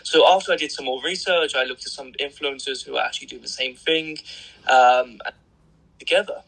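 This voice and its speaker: A young English man speaking as an interview guest, talking in a blunt, joking and animated way. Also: medium pitch, fairly quick, gravelly, low-quality recording. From England. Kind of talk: casual interview chat.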